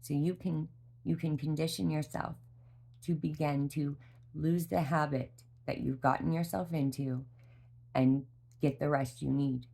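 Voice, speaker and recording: Tired, low, gravelly-voiced woman telling a story. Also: fairly even intonation, measured pace, warm tone. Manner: rambling and heartfelt, with many restarts and fillers. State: exhausted. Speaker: mother sharing a parenting story. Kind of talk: candid personal storytelling vlog.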